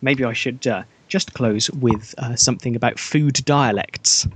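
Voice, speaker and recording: A man's voice: mid-range voice, unhurried, husky. A man from England's Black Country hosting a podcast in casual chat, dry and jokey with self-mocking asides. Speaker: podcast host.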